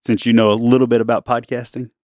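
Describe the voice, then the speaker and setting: A man's voice: medium pitch, flat delivery, fast talker, a little mellow, no echo. A man hosting a casual family podcast, playful and teasing, speaking close to a podcast microphone. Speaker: podcast host and dad.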